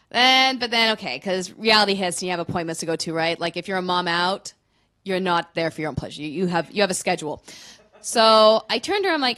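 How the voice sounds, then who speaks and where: A woman in her thirties performing a stand-up comedy set, telling candid, self-mocking stories with quick punchlines. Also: medium pitch, sharp tone. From Canada.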